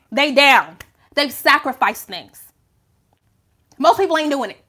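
Woman, live commentary host, high voice, emphatic, rhetorical questions. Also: pushed and bright.

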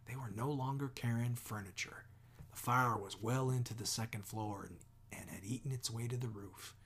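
Guy reading a novel, gravelly raspy voice, slips into whispers a lot. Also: mid-range voice, fairly bright tone. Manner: measured reading, dropping often into near whispers. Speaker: audiobook reader. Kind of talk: audiobook narration.

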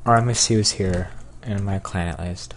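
A man giving casual gameplay commentary, excitable, yelping and cursing at what happens on screen. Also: sits low, fairly quick, a little hiss or hum. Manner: excitable, yelps and curses at the game. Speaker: gamer.

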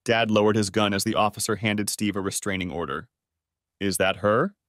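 A man's voice: on the low side, steady tone, fast, fairly bright tone, dry recording, clean studio sound. A man narrating a dramatic first-person story for an audiobook.

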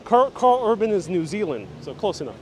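Man, live walking tour host, fairly high voice, jokey and chatty, phone on a gimbal, faint street noise. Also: big pitch swings, brisk, a little mellow. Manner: jokey, chatty, reacting to viewer comments. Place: outdoors and in a busy city station. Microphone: handheld phone on gimbal.

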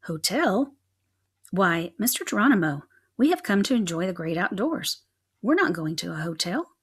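A woman voicing a prim female mouse teacher in a storybook reading, with a squeaky, proper manner. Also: sing-song, normal speed, husky, full character voice.

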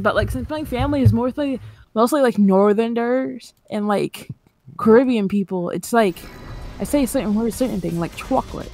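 A woman's voice: fairly high pitch, dark tone, faint music behind. A woman chatting playfully and teasing while co-commentating a fighting game stream. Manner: playful, teasing, talks in quick bursts. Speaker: esports co-commentator. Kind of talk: casual color commentary and chat.

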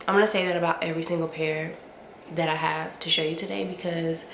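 A woman's voice: fairly low pitch, a bit bright. A woman, gushing playfully to camera in a casual haul review, a bit sniffly from allergies. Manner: gushing, playful, drawn-out hums and slangy asides. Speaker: beauty and fashion vlogger. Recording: roomy echo with faint ambient noise.

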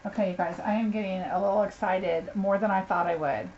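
A woman's voice: medium pitch, steady tone, fairly quick, darkish tone. A woman doing a chatty live unboxing, gushing over each craft item and talking to viewers by name. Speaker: craft demonstrator. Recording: slightly dull lo-fi sound, faint noise.

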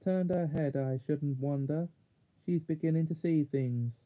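A man reading aloud voices a gloomy, pessimistic marsh-wiggle who mutters slowly. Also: on the high side, fairly even intonation, close to an everyday voice. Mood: pitying mutter. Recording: tinny phone-like sound.

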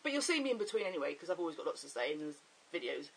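A young man chatting excitably and rambling in a casual video diary. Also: fairly high pitch, racing, vocal fry, husky, poor audio. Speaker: vlogger.

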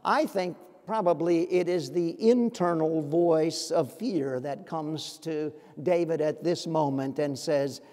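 A man's voice: on the high side, takes it slowly, few pauses, dark tone, in a large hall. A male pastor preaching a sermon in earnest, pressing his listeners with pointed rhetorical questions. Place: church sanctuary.

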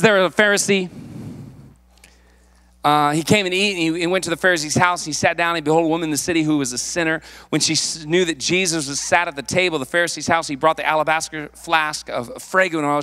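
Male pastor with a slightly high, sharp voice; playful, acts out the story's characters; echoing sanctuary. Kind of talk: sermon. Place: church sanctuary. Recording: long hall reverb.

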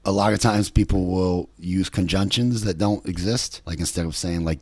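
A man's voice: sits low, fairly even intonation, fairly quick, hardly any pauses, a little mellow, husky, no echo. A man from West Virginia with a light West Virginia accent, hosting a podcast in a rambling, easygoing way with chuckles. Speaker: podcast host. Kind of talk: casual solo podcast talk.

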